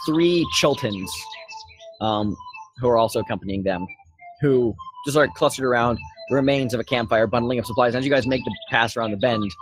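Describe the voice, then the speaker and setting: A man narrating a tabletop game as game master, talking haltingly with many fillers. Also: medium pitch.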